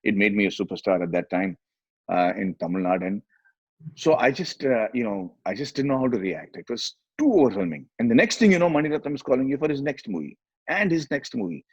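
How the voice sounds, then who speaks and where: Fast-talking Indian man, husky voice. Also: medium pitch, no room sound, dull audio. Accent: Indian English. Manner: animated, switches between English and Hindi, acts out quoted voices. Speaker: guest, film actor. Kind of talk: casual storytelling chat.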